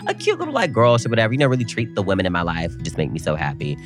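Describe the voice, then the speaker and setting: A man co-hosting a podcast, telling a story in a casual, animated way with playful slang. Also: lowish voice, very fast, music in the background. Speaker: podcast co-host. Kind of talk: casual chat.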